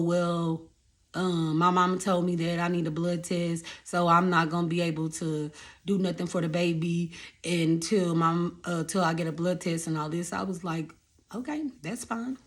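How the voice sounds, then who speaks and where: Speaking in a voice on the low side, a young woman casually recounts her life story to her viewers. She's animated and keeps repeating phrases for emphasis.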